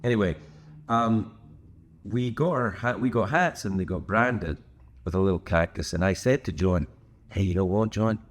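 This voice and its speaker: A deep, low-pitched older man with a Scottish accent talks to camera from a hotel room. His delivery is loose and conversational, wandering into jokes and side remarks and restarting his sentences as he goes. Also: lively intonation, normal speed, a little hiss or hum. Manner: rambling, joking, full of asides and restarts. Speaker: host. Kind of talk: casual solo chat to camera.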